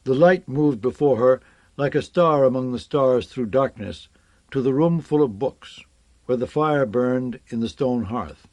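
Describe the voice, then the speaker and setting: A man narrating a science fiction novel in a measured, expressive reading. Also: medium pitch, no room sound. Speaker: audiobook narrator.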